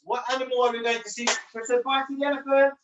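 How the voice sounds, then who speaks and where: A woman's voice: high-pitched, level tone, fast, music in the background. A woman leading a live home fitness class for children, cheerful and encouraging as she calls out moves. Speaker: fitness instructor. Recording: echoey distant lo-fi room mic.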